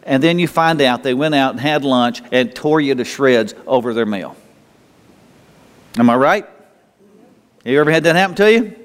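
A man's voice: mid-range voice, animated, moderate pace, long pauses, clean tone. Male preacher, conversational sermon, repeats himself, rhetorical questions, long reverb of a church hall. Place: church sanctuary.

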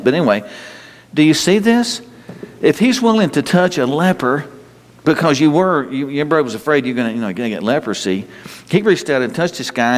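Earnest preacher man in a reverberant hall. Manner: earnest, repeats and restarts, swings up and down in pitch. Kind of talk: sermon. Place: church hall.

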